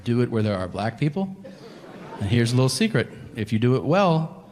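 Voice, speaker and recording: A male comedian works the room with a lively, swooping delivery, breaking into shrill shouted voices for his characters. The sound rings with long hall reverb over a faint murmur of ambience. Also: fairly quick, slight background noise. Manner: animated, acts out characters in loud high voices. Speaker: stand-up comedian. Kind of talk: stand-up set.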